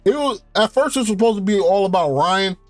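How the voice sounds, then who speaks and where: Young dude reviewing a show, high voice, cussing n laughing, dry mic, lil music behind. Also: male voice, a little fast, no echo. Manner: slangy, profane, laughs often, excited recapping. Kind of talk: casual review rant.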